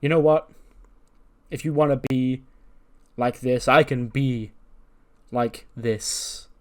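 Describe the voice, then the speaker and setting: An exasperated male teacher, stammering and indignant, scolding students who skipped class, as a man puts him on. His voice keeps jumping higher in disbelief. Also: fairly even intonation, takes it slowly, a little mellow, natural voice. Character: exasperated male wrestling teacher, flustered and stern.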